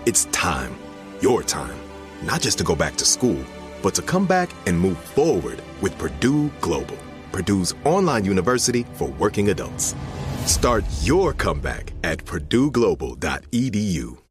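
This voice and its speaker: A man reading a scripted ad slowly and with emphasis. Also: low-pitched, very animated. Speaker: ad announcer. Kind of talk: scripted ad read. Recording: backing music.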